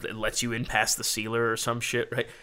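A man's voice: mid-range voice, completely flat delivery, brisk, noisy background. A man telling a story in casual chat, rambling and swearing, with lots of "like" fillers. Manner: rambling, profane, heavy use of "like".

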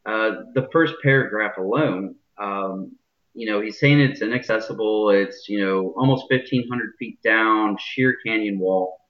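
A man's voice: fairly low pitch, a little slow, roomy sound, lo-fi sound. A man co-hosting a casual podcast chat, talking loosely and hedging with lots of "you know" fillers.

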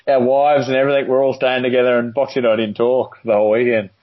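An Australian man, a former rugby league player, telling stories in a relaxed, rambling interview with plenty of fillers. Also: mid-range voice, quick pace. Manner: laid-back, rambling with many "uh" fillers. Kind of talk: casual storytelling interview. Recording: dull lo-fi audio.

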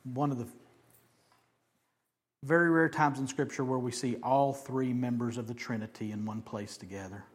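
A man preaching a sermon, shifting between hushed, slow emphasis and loud, high declarations, with casual jokey asides. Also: steady tone. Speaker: pastor.

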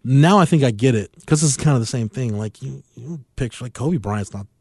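A man in his thirties hosts a casual sports talk show. He speaks in a reflective, halting way and often reaches for words. His voice is mid-pitched and recorded dry and close. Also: a little mellow, breathy edge, dry recording. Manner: reflective, halting, many "like" fillers. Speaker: podcast host.

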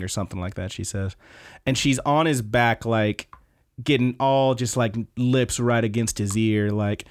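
A man's voice: mid-range voice, steady tone, moderate pace, smooth. A man co-hosting a podcast, recapping anime episodes in a rambling, joking way with fillers and swearing. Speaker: podcast co-host.

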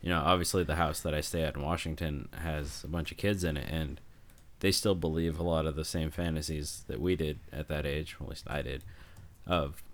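A man's voice: rumbling low, steady tone, brisk. A man in casual chat, laid-back and wry, telling a story.

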